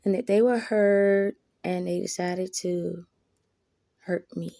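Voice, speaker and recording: A woman's voice: lowish voice, fairly even intonation, slow pace, vocal fry, dark tone, no room sound, clean studio sound. A woman giving a candid, reflective monologue to camera, blunt and full of profanity. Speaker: vlogger.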